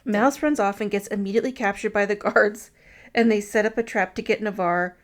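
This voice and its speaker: A woman's voice: medium pitch, steady tone, a little fast. Podcast co-host, woman, casual recap, wry and crude. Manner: summarizes the plot with wry, crude asides. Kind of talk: casual movie recap chat.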